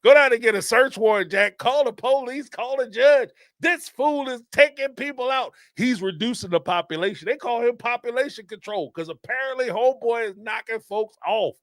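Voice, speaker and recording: High, animated male live-stream host. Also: normal speed, few pauses, no room sound, clean studio sound. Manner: animated and rambling, laughs often, acts out quotes. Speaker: host of a live call-in show. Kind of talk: casual commentary on a live stream.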